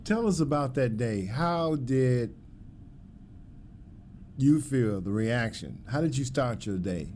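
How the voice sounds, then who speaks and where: A man's voice: medium pitch, expressive, slow pace, pauses often, darkish tone, a little hiss or hum. A man asking short interview questions from off to the side. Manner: brief, prompting questions.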